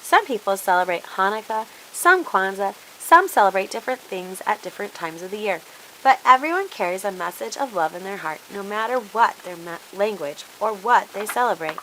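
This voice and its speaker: A jolly, kindly old Santa from a children's storybook, as a woman reads him aloud. The tone is bright and clear. A faint hiss sits under the reading. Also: mid-range voice, lively intonation, brisk, low-quality recording.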